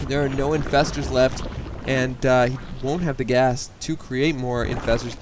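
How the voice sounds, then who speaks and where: A man's voice: mid-range voice, normal speed, background noise. A man casting a video game match in a casual, joking play-by-play style. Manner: casual, jokey, builds to excited shouting. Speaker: game caster. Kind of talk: esports play-by-play commentary.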